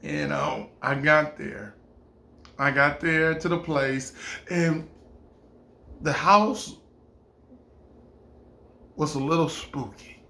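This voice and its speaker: Man telling a funny story, lots of uh um, gets loud and high, echoey room. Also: takes it slowly, creaky, pauses often. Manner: animated, stammering, rising into shouts. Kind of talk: casual comic storytelling. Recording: roomy echo.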